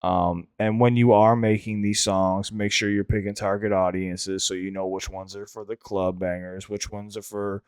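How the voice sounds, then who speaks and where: With a low, clear and resonant voice, this reaction channel host and rapper delivers flatly at normal speed with hardly any pauses. His candid, casual commentary rambles, restarts often and includes free swearing, heard in clean studio sound without room echo.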